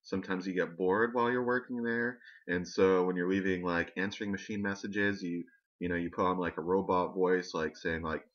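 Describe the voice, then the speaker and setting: A man delivering a rambling, deadpan comic monologue with halting restarts. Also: sits low. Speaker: comedian. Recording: dull lo-fi recording.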